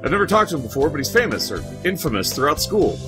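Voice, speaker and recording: A young man reads through a dating game for his viewers with lively, swinging pitch. He jokes and curses offhandedly as he goes. His voice sits a bit above the usual for a man. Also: fast talker, music in the background. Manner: animated, joking, swears casually. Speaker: let's-play gamer. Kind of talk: let's-play narration reading a visual novel.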